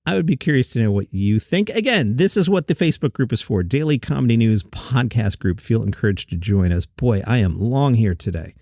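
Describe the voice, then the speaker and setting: A man's voice: medium pitch, expressive, a little fast, hardly any pauses, a little mellow, dry recording, clean studio sound. A man hosting a comedy news podcast, chatty and opinionated, reading listener comments aloud.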